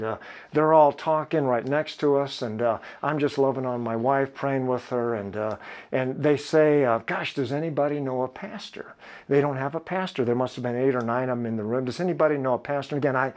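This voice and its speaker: A middle-aged man, a pastor, telling a personal story in a sermon in a candid, confiding way, halting often and restarting his sentences. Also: mid-range voice, darkish tone.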